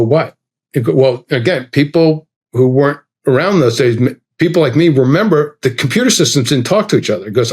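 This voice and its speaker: A middle-aged man telling a travel anecdote in a casual chat, acting out the lines of the people in it. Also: mid-range voice. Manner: animated, acts out dialogue with quoted voices. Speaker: guest storyteller.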